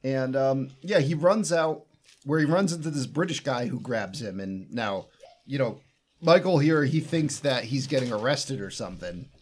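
A man's voice: mid-range voice, animated, normal speed, darkish tone, slight background noise. A man co-hosting a podcast, retelling a movie plot in casual chat and laughing often. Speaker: podcast co-host.

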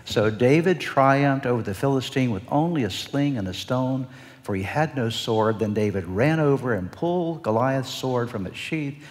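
A man preaching a sermon as pastor, leading the congregation in call-and-response declarations and stretching key phrases slowly for emphasis. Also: medium pitch. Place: church sanctuary. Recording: long reverb of a church hall.

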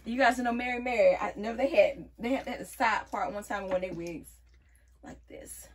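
A woman's voice: a little high, fairly quick, slightly rough. A woman vlogging a wig review in a casual, playful way, often calling viewers y'all. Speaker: beauty vlogger.

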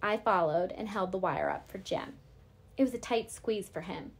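A woman's voice: medium pitch, animated, moderate pace, slightly rough. Woman teacher reading a novel aloud.

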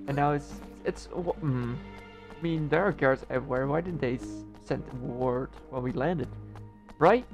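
A man's voice: medium pitch, a little slow. A young man talking casually over his gameplay, rambling and joking to himself, with game music behind. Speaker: gameplay streamer.

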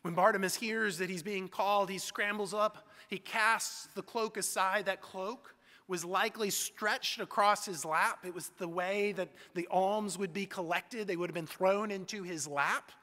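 A man's voice: high voice, steady tone, a little slow, bright, forceful tone. A man preaching a sermon as pastor, emphatic, with repeated phrases that build. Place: church sanctuary. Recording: echoey church sanctuary.

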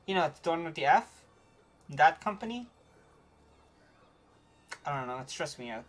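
A woman streaming a game, chatting casually with viewers in an animated way, quick to get frustrated. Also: soft background music. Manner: voice jumps high when excited.

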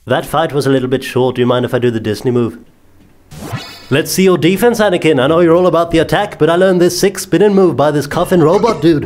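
A young man giving jokey, excitable commentary on his VR gameplay, often swearing. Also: fairly high pitch, fast, music in the background. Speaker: gaming YouTuber.

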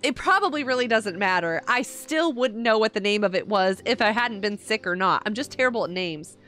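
A woman's voice: medium pitch, animated, a little fast, fairly bright tone, faint music behind. A middle-aged woman live-streaming a game, chatting casually with viewers, giggling often and sounding a little tired. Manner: chatty, giggly, reads and answers chat.

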